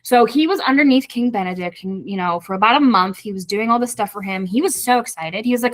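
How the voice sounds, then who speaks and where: A woman's voice: on the high side, animated, fast talker, hardly any pauses, no echo. A woman co-hosting a casual book club podcast, animatedly retelling the plot and acting out the characters' lines. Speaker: podcast co-host.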